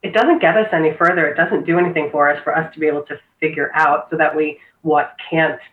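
A woman's voice: low voice, steady tone, fast. Woman, earnest agreeable practitioner, tinny call audio in a roomy space. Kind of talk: casual conversation. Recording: tinny phone-like line in echoey room.

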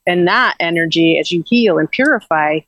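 A woman's voice: on the low side, animated, moderate pace, a bit bright, highs cut off. A woman guest earnestly recounting a spiritual journey in casual, rambling talk with frequent restarts.

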